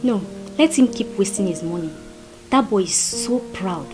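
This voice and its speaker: A woman's voice: medium pitch, animated, normal speed, music in the background, natural voice, poor audio. A woman with a Nigerian accent playing a young village woman who mocks and gossips. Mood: mocking. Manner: dismissive, mocking. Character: young village daughter, dismissive.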